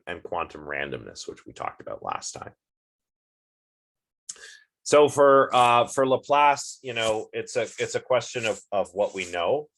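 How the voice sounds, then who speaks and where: A man's voice: sits low, fairly bright tone. A man lecturing on philosophy in a casual, rambling way, with many fillers and restarts. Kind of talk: recorded online lecture.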